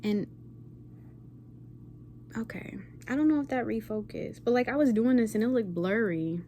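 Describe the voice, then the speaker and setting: A woman's voice: fairly high pitch, normal speed, dark tone, a little hiss or hum. Rambling woman tarot reader saying "okay?". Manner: rambling, checks in with frequent "okay?". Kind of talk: casual intuitive tarot reading.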